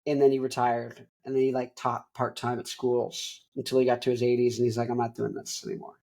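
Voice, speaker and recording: A man's voice: medium pitch, completely flat delivery, fairly quick, dark tone. A man in his twenties hosting a show, talking casually in a rambling, tangent-prone way. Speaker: host. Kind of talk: casual chat.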